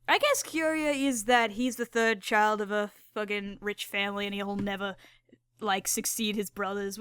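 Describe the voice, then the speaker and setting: A woman's voice: on the high side, fairly bright tone, clean tone, no room sound, studio quality. A woman hosting her own channel, giving rambling, profane, giggly casual commentary while she draws. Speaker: channel host.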